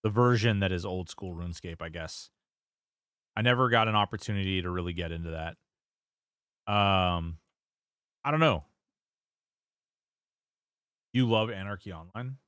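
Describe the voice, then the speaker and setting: A man's voice: sits low, a little slow, long pauses, a bit bright, clear, resonant tone, no echo. Chatty male gamer streaming, dry close sound. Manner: chatty, swears casually, reads chat aloud. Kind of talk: casual gameplay commentary.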